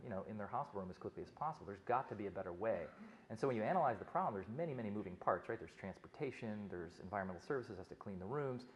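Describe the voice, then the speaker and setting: Middle-aged man, doctor addressing a conference crowd, low voice, rapid chatty delivery with restarts. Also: slight background noise. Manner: fast, conversational storytelling with frequent restarts. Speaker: physician giving a talk. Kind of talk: conference talk to an audience.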